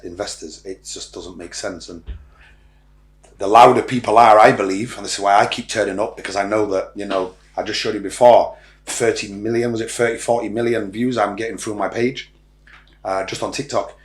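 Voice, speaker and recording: A middle-aged man from Ireland, a podcast guest, talking bluntly and rambling, with frequent swearing. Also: deep voice. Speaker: podcast guest, social media influencer. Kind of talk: casual interview talk. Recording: roomy echo.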